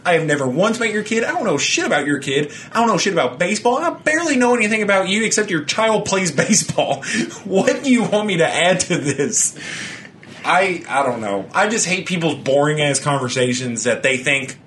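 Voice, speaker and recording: A man in casual chat who rants with lots of swearing, laughs as he talks, and mocks other people in flat put-on voices. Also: sits high, fairly quick, slight background noise. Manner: laughs often while talking.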